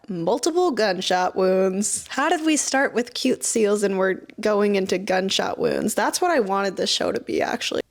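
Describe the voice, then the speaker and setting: A young woman reads her research aloud as a show host, then breaks into crude jokes and laughter. Her voice sits at a middle pitch, and her delivery is loose and chatty. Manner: swearing, joking asides, frequent laughter. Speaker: podcast host. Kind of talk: casual deep-dive commentary, reading aloud.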